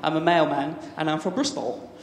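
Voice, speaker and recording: A man in his thirties from England speaks at a conference, chatty and enthusiastic as he trips over his own restarts. His voice sits a little high for a man. It carries through a large, echoey hall with a long reverb tail and faint background noise. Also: moderate pace. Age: 30s. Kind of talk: conference talk.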